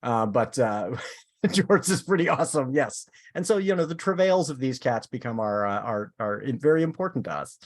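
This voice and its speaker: Man, podcast host, casual chat, animated, lots of fillers and restarts, mid pitch. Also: normal speed.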